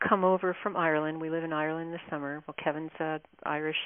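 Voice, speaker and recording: A woman's voice: low voice, fairly even intonation, quick pace, clean tone, no echo. A woman guest on a radio interview, telling stories about her book in a chatty, meandering way. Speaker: author and guest. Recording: tinny phone line.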